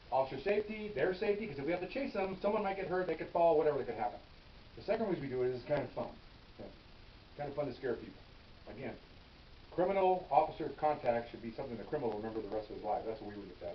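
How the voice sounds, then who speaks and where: An older man spins police stories at a brisk clip, animated and casual, often restarting phrases and tossing in "okay?". His voice sits back from the mic in a roomy space, with a dull, slightly lo-fi sound and a faint hiss underneath. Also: mid-range voice. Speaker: veteran police officer telling stories. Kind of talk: casual storytelling. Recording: echoey room, distant mic, dull and hissy.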